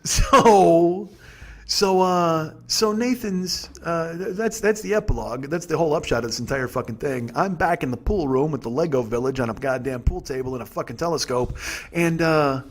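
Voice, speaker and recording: A man in his forties hosting a comedy podcast, telling a rambling, profane, exasperated story in a husky voice. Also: a little high, moderate pace. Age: 40s. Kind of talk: storytelling monologue.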